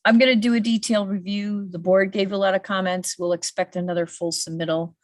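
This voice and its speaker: A woman working as a town planner who speaks in a brisk, practical way at a board meeting over a video call. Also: medium pitch, steady tone, no echo, studio quality. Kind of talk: public meeting discussion.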